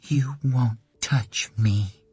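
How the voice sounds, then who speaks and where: A man's voice: high voice, lively intonation, unhurried, slightly rough, no room sound, pitched above the performer's own voice, full character voice. A man voicing a terrified young woman who screams and sobs while fighting off an attacker. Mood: dazed whisper. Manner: screaming, sobbing, then dazed whispers.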